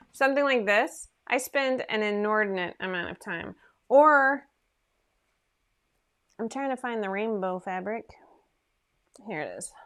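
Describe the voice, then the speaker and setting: A woman's voice: mid-range voice, lively intonation, slow pace, long pauses, fairly bright tone. A woman hosting a casual sewing livestream from her home sewing room, chatting in a rambling, self-deprecating way into her computer microphone.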